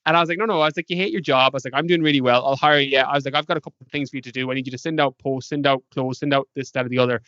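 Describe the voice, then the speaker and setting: A man's voice: medium pitch, fairly even intonation, rapid-fire, few pauses, fairly bright tone, smooth, no room sound. An Irish man, a podcast guest, telling stories in a casual interview and acting out past conversations with animation. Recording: dull lo-fi dry sound.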